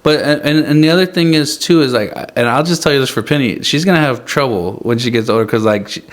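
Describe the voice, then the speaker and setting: Young man, podcast guest, casual filler-heavy chat, mid pitch. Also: fast. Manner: loose and filler-heavy, acts out voices of others with big jumps in pitch.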